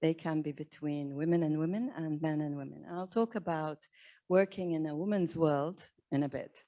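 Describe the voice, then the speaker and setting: Woman w a lowish voice doing a conference talk, calm and thoughtful, little pauses here n there. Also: highs cut off. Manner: measured, reflective, slightly hesitant. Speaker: workshop speaker. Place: lecture room before an audience. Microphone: recorded for camera from a podium.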